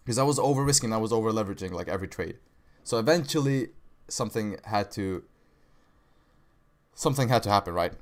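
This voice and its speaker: Casual young man, lowish voice. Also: lively intonation, quick pace, pauses often. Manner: casual slangy talk, says bro and right a lot, swears. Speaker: livestream trading host. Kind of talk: casual livestream chat reading viewer questions.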